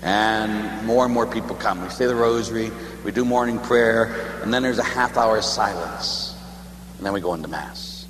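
A man's voice: on the low side, moderate pace, fairly bright tone. A man preaching as a Catholic priest, telling a conversational, joking story to his congregation. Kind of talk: sermon. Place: church. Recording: echoey church with long reverb, faint hum.

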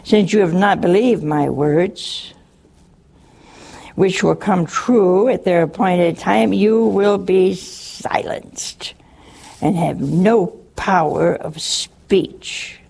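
A woman voicing a stern, commanding male angel in a slow, solemn, emphatic way. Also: lowish voice, gravelly, darkish tone, slightly rough, exaggerated voice.

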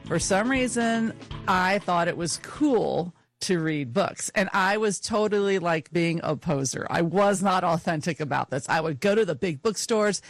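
A woman's voice: lowish voice, animated, a little slow, no echo, soft background music. A woman co-hosting a podcast in casual chat, chatty with fillers and frequent laughs. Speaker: podcast co-host.

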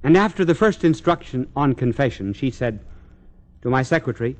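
A man giving recorded Catholic religious instruction in a dramatic, declamatory way, with long pauses between phrases. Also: mid-range voice, darkish tone.

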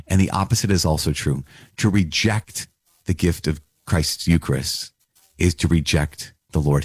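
A man's voice: low-pitched, breathy edge, dry recording, studio quality. A man hosting a podcast, teaching on faith in an earnest, conversational way, often restarting and laughing. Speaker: podcast host, priest teaching. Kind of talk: casual catechism teaching podcast.

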